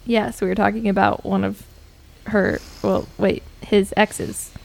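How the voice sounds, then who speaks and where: A woman's voice: medium pitch, flat delivery, unhurried, gravelly, slight background noise. A woman hosting a podcast with her sisters, chatting casually and often correcting herself mid-sentence. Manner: chatty, self-correcting, giggly. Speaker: podcast host. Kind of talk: casual chat among siblings.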